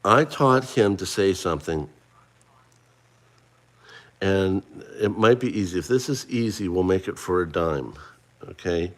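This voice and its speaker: A man's voice: sits low, animated, measured pace, long pauses. A middle-aged man hosting a casual livestream, chatting and running a trivia quiz for viewers he addresses by name. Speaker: livestream host.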